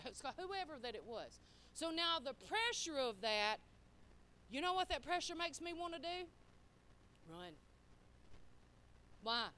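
A middle-aged woman preacher giving a sermon, telling folksy stories and prodding her congregation for responses, swinging between quiet and loud. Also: high-pitched.

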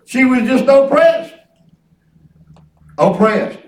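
High-voiced man preaching folksy, echoey. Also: animated, slow. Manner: folksy storytelling, repeats and restarts words. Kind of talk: conversational preaching. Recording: echoey room, distant mic.

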